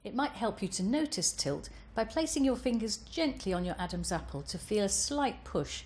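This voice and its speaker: A woman voice coach giving calm, careful instructions over vocal exercises. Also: mid-range voice, normal speed, a little hiss or hum.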